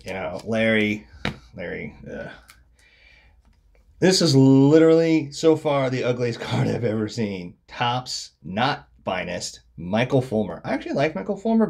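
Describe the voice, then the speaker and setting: A man's voice: on the low side, vocal fry. Brief: a male hobbyist chatting loosely over his cards, teasing and dry, voice fading into mutters. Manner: wry, mocking, trails off with mumbled asides. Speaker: card collector showing his cards. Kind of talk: casual commentary on baseball cards.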